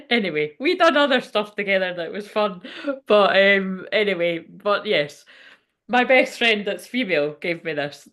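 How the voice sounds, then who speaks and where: A woman talks casually on a home livestream, rambling from thought to thought with frequent swearing and breathless half-finished sentences. Her voice sits at a middle pitch. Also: lively intonation, unhurried, a bit bright. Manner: rambling, emotional, swears freely, frequent laughs. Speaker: psychic medium livestream host.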